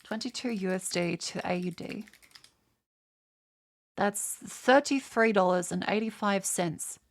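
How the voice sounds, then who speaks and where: A woman's voice: medium pitch, a little slow. A woman with an Australian accent, chatting casually on a livestream and swearing freely. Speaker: streamer.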